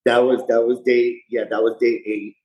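A man's voice: mid-range voice, flat delivery, moderate pace, dull audio. A man in his forties, a fire rescue lieutenant, tells his story as a podcast guest in a candid, chatty way. His voice sits in the middle range for a man. The recording sounds roomy, with audible echo. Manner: candid, chatty retelling with frequent "you know".

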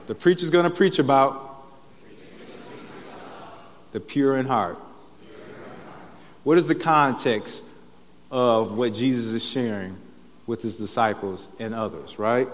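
Male pastor, chatty sermon delivery, tags lines with "right?", long church reverb. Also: mid-range voice. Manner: conversational preaching with frequent "right?" tags. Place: church sanctuary.

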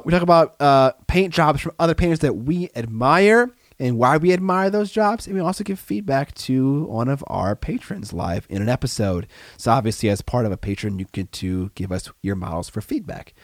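A man's voice: a little high, no echo, studio quality. A man co-hosting a hobby podcast, chatting casually and joking, often trailing off into fillers. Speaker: podcast co-host. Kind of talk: casual chat.

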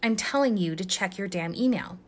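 A hot-tempered young man of a storybook, all barked orders and snarled insults, voiced by a woman reading aloud. His lines come a touch lower and quieter than the narration around them. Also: brisk, natural voice. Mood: snarling. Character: foul-mouthed furious young male hero.

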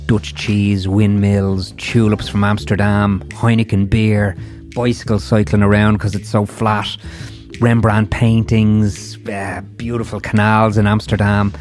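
Chatty Irish man with a low voice. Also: flat delivery, measured pace, a little mellow, faint music behind. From Ireland. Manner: chatty and rambling, with frequent restarts and asides. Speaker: podcast host. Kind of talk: casual interview chat.

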